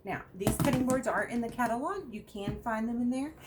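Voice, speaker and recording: A woman's voice: fairly quick, heavy background noise. A middle-aged woman casually demonstrating kitchen products to viewers, chatty and upbeat. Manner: chatty, upbeat, lively pitch.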